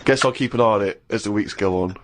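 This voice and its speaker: A man co-hosting a comedy chat show, reading a diary aloud in a deadpan way. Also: lowish voice, quick pace, very noisy. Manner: deadpan reading, breaking into laughter.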